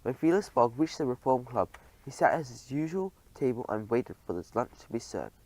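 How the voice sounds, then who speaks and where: Guy reading a kids audiobook, gentle and even, mid-pitched voice. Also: brisk, low-quality recording. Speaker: audiobook narrator. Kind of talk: scripted storybook narration.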